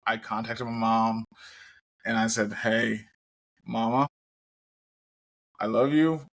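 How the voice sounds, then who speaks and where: A man co-hosting a podcast, telling stories in casual chat, animated and given to swearing. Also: lowish voice, slow pace. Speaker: podcast co-host.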